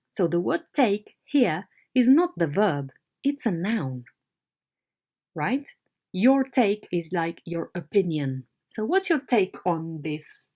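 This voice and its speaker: A woman's voice: lowish voice, a little mellow. A woman English teacher in a recorded online lesson, explaining words patiently and checking in with her students.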